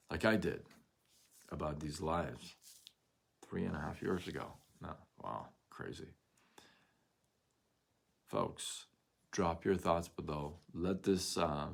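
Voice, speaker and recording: A man's voice: low voice, gravelly, husky. A man hosting a motivational live stream, speaking earnestly and getting emotional as he repeats his encouragement.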